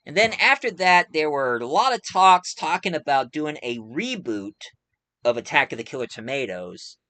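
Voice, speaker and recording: A man's voice: on the high side, animated, normal speed, pushed and bright, no echo. A man giving a casual spoken movie review, rambling along with frequent filler sounds.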